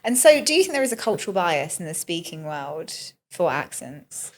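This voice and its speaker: A woman's voice: fairly low pitch, very animated, normal speed. A woman hosting a casual podcast interview, thinking aloud and reflecting as she asks questions. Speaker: podcast host.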